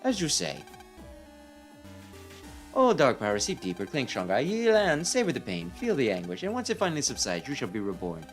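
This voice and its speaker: A man's voice: mid-range voice, wildly swooping pitch, moderate pace, soft background music. A man voicing a sinister male mad scientist from a video game, speaking with gleeful, giggly menace.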